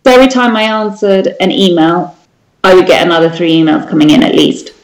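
A woman, a jewellery designer, telling her story in an interview with animated, lively retellings. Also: lowish voice, a little fast, reverberant, low-quality recording.

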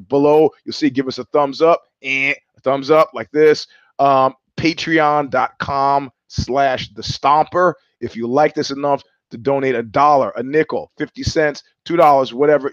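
A man's voice: a little high, dry recording. Wry rambling male show host. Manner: wry, rambling, laughs often. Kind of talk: solo live-stream monologue. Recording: slightly dull live-stream audio.

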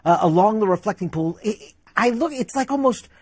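A woman on a played broadcast clip, gushing and hesitant, with frequent pauses and restarts. Her voice is husky and breathy. The sound is dry, with no echo. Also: mid-range voice, animated, a little mellow.

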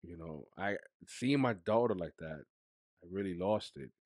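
Male podcast guest, lowish pitch, dry close sound; candid, emotional storyteller who goes soft and quiet on hard memories, slangy. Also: expressive, normal speed, no echo. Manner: emotional, drops to a soft low voice when recounting hard moments; casual slang-heavy speech.

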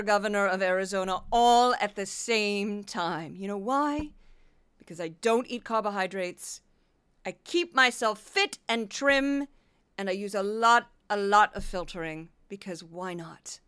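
A vain, grandiose politician proclaims her own greatness, as a woman puts on the voice. The tone is bright and smooth and keeps slipping into breathy half-whispers. It is close-miked and dry. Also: medium pitch, unhurried, no room sound, natural voice. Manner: grandiose, self-important, drifting into whispers. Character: self-obsessed female politician, grandiose and breathy. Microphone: close podcast mic with a sound wall.

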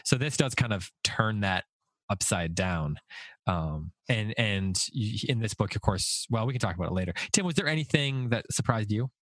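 A man's voice: on the low side, expressive, moderate pace, a bit bright, dry recording. A man leading a casual book discussion, thinking aloud with frequent restarts and self-corrections.

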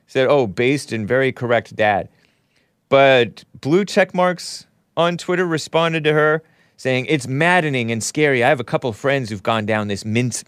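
A man's voice: medium pitch, dry recording, clean studio sound. A male show host giving solo commentary, mocking and sarcastic as he reads out social media replies.

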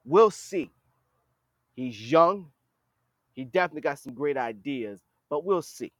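A man's voice: fairly high pitch, animated, unhurried, no room sound. A man hosting a podcast, giving a blunt political commentary monologue and scolding leaders directly as if they were listening. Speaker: podcast host.

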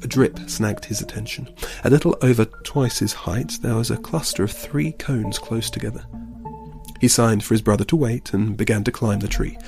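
A man reading a story aloud in a calm, steady storybook narration. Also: on the low side, moderate pace, faint music behind.

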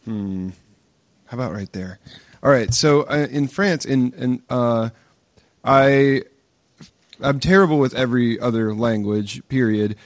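A man's voice: mid-range voice, measured pace, long pauses, dry recording. An American man chatting casually on a podcast, rambling through his stories with plenty of restarts and fillers. His voice sits in a middle range and comes through a close, dry mic with no room sound. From United States. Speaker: podcast host. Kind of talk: casual chat. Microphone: own mic with gain control.

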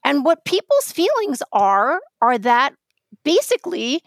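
Chatty higher-pitched woman co-host. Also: a little slow, no room sound. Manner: chatty, animated storyteller, lots of restarts. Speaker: podcast co-host. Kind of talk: casual chat.

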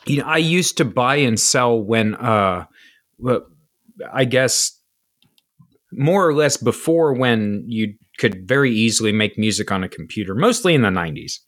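A man's voice: mid-range voice, animated, unhurried, a bit bright. Rambling man telling a story. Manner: rambling storytelling with fillers, easy agreement. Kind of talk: casual chat.

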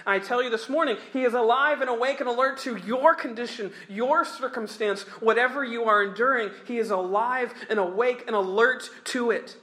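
A male preacher with a high, bright, forceful voice, delivering a sermon. He reads scripture and then drives each point home with emphasis, slowing on the key phrases and chuckling between them.

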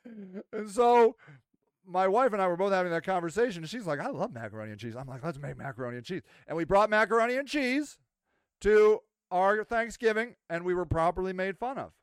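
Podcast host, man, high smooth voice, dry close sound, rambling and animated. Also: brisk, dry recording. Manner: rambling, self-mocking, animated. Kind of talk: casual monologue.

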